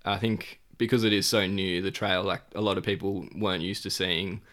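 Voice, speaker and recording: A man recounts a trip in relaxed, chatty talk. His voice sits a little low, and he strings the story together with fillers and frequent laughter. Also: normal speed. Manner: rambling, many "like" fillers, laughing while telling. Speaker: guest. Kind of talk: casual travel story.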